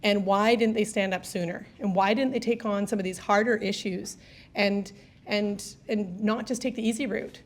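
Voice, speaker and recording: Brief: woman speaker at a podium mic in an event room, mid-pitched, earnest and halting. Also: fairly even intonation. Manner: earnest, slow, searching delivery with restarts. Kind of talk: live speech to an audience.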